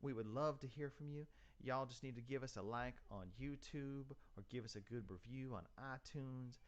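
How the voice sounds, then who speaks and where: A man's voice: medium pitch, moderate pace, lo-fi sound, close to an everyday voice. A man doing a put-on Texas accent, reading the podcast's contact plugs in a folksy, emphatic way.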